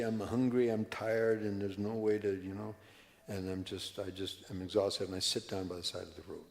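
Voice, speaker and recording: Rambling older Californian man in a hall. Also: fairly low pitch. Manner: rambling, prone to tangents and restarts. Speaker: workshop speaker. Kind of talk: storytelling talk. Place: mosque hall. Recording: long hall reverb.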